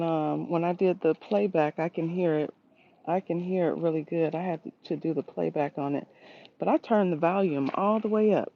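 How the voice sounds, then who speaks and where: A woman's voice: lowish voice, moderate pace, a little mellow. A woman hosting a casual livestream walkthrough of her backyard garden, chatting with viewers and greeting them by name, recorded outdoors on a handheld phone. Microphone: phone held while walking. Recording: slightly dull phone audio.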